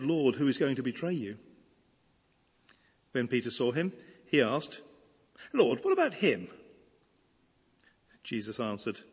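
A man reads scripture aloud in a church. His voice is slightly husky, and a long reverb trails each phrase through the large hall. The reading is measured and expressive. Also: mid-range voice. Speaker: scripture reader.

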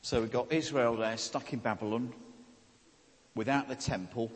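A man's voice: medium pitch, normal speed. A man preaching a sermon in a chatty, joking way and asking the congregation questions. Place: church hall. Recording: long hall reverb.

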